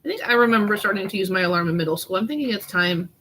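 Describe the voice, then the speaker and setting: A woman's voice: mid-range voice, animated, rapid-fire, a bit bright, slight background noise, poor audio. A woman hosting a casual live doodling chat, teasing her kid and reading out viewer comments as she draws. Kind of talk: casual live-stream chat while drawing.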